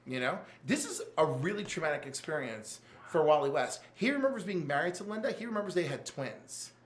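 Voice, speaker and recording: A man co-hosting a casual comics podcast, retelling scenes with excited storytelling and quick jumps into character voices. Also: fairly high pitch. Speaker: podcast co-host reviewing comics. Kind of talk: animated casual chat, acting out scenes. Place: game store.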